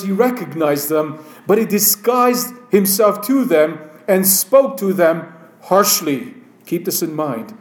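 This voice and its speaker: A man preaching a slow, emphatic sermon and reading scripture aloud. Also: high voice, a little mellow, echoey room.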